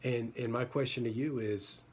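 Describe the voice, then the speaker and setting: A man's voice: medium pitch, steady tone, moderate pace, slight background noise. A man giving an informal sermon, chatting loosely with repeated words and fillers, then reading scripture aloud. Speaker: preacher.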